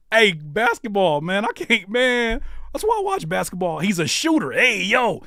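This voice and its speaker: A man hosting a live stream, reacting to viewer music with animated, slangy, profane joking banter and teasing the chat. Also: high voice, moderate pace, no echo, clean studio sound. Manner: reads out chat comments and teases viewers.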